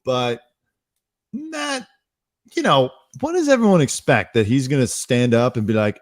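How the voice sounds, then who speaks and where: A man's voice: medium pitch, very animated, measured pace, dry recording, studio quality. A man hosting a comedy news show, riffing on the day's stories in a rambling, sarcastic monologue that keeps correcting itself.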